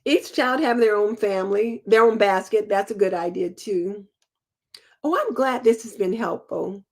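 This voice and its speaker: A woman's voice: mid-range voice, moderate pace, creaky, darkish tone. A middle-aged woman hosting a home show in casual live-stream chat, reading viewer comments and answering in a chatty, homey, practical way. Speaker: host.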